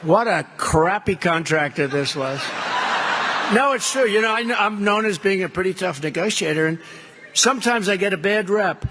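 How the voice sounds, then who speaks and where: Speaking into a podium microphone at a political rally, this candidate has a high, pushed and bright voice and a moderate pace, with slight background noise. He improvises from the stage, rambling, repeating himself, bragging and ridiculing his opponents.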